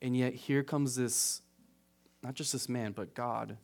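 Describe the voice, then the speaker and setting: A man's voice: slow, creaky. Conversational male pastor preaching. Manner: conversational, keeps asking "right?"; rises animated at asides, drops low on solemn points. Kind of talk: casual sermon.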